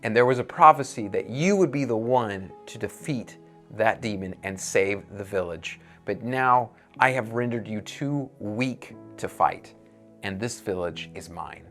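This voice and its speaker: A man voicing an evil spirit, the devil, gloating and cold, speaking slowly, low and deliberate. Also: fairly bright tone, faint music behind.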